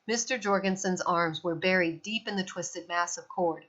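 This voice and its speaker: A woman reading a children's novel aloud in an expressive storytelling voice, in a slightly dull recording. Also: on the low side, normal speed.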